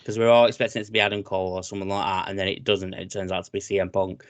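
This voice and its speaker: A British man co-hosting a casual wrestling podcast, chatty and excitable, often saying "mate". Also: low-pitched, racing, dry recording. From Britain. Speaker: podcast co-host.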